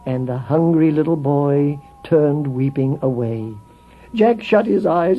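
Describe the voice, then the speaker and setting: High-voiced man telling a children's story. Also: slow. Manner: expressive, swelling with emotion. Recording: tinny phone-like with faint music.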